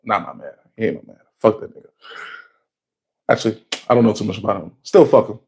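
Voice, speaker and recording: A man casually recapping anime episodes in a slangy, excitable way, swearing freely and jumping up in pitch when he gets worked up. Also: fast, slightly rough. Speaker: anime reaction vlogger.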